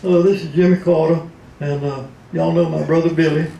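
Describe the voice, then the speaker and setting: A man's voice: fairly high pitch, fairly even intonation, a little fast, vocal fry, dark tone, voice pushed up. A man imitating a hesitant, folksy older male politician. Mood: wry. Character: soft-spoken Southern male politician, older. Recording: roomy hall.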